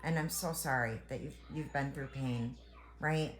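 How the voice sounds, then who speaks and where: A woman's voice: rumbling low, soft background music. A woman, a tarot reader, giving an earnest, heartfelt spiritual reading to viewers, reassuring them and often restarting her sentences. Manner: halting with repeated restarts.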